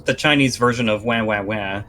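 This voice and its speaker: A man's voice: fairly low pitch, moderate pace, sharp tone. A man chiming in with dry, wry remarks during casual gameplay commentary.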